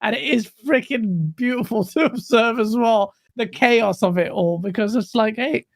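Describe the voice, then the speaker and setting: A gaming stream co-host ranting casually, animated, swearing and laughing often. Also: medium pitch, normal speed, no room sound, clean studio sound.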